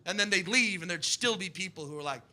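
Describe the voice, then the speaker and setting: A male stand-up comedian from the United States performing live on stage, animated and profane with sudden shouted bursts. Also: high-pitched, fast talker.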